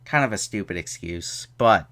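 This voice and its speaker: A young man casually reviewing a movie, animated and exasperated, often jumping into high mocking voices. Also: normal speed.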